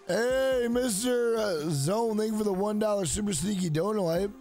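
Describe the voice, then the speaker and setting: Laid-back, foul-mouthed male game streamer, slightly high voice, dry close mic with faint game music behind. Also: normal speed, darkish tone. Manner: profane, drawling, tired. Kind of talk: casual live-stream commentary.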